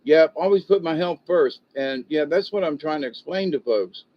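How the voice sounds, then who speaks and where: Older male livestream host venting in a rambling, frustrated way, caught on dull, low-fidelity audio. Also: normal speed. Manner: frustrated, rambling, self-interrupting. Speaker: livestream host reading viewer comments.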